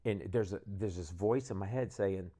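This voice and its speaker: A man telling his conversion story in casual conversation, animated and acting out the voices of people he quotes. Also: sits low, normal speed. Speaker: guest, band leader.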